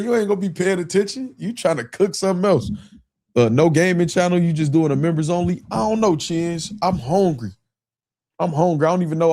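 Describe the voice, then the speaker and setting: A man's voice: fairly high pitch, warm tone. A man hosting a casual livestream, talking loosely to his chat, repeating himself and laughing often. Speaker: livestream host.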